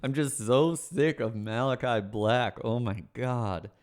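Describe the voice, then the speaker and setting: A man's voice: medium pitch, takes it slowly. A man on a livestream chatting casually with viewers, ranting, swearing and then apologizing with a laugh. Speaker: streamer answering chat questions.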